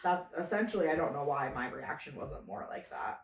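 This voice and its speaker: A woman's voice: sits low, brisk, reverberant, slight background noise. A young woman co-hosting a podcast, telling stories in casual chat and laughing often. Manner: animated storyteller, laughs often. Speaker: podcast co-host.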